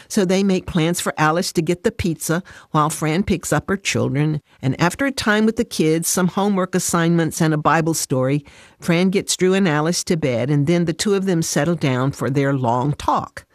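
A woman narrating a devotional story in a soft, measured way. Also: sits low, no room sound, clean studio sound.

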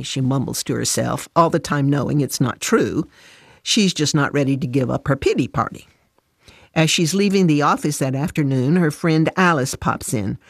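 Brief: woman reading a faith story, soft and steady, dead-dry booth sound. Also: sits low, normal speed, husky, no echo. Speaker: narrator.

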